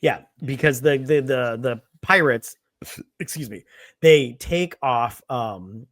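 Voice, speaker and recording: Tipsy man rambling with bright sound. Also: medium pitch, slow pace, no room sound, clean studio sound. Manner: rambling, profane, acts out movie lines in loud put-on voices. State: has been drinking. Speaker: podcast host. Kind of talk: casual tipsy movie review chat.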